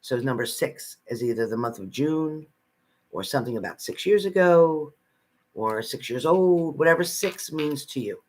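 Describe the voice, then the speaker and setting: In a slightly high, expressive voice at normal speed, a psychic reader at home gives live readings in a chatty way, repeating phrases and speaking to viewers by name, with a little hiss or hum in the recording.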